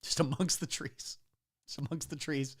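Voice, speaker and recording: A man's voice: a little high, steady tone, normal speed, slightly rough. A man rambling through a crude, absurd satirical story on a livestream, breaking off to read out chat comments. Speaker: comedian streamer.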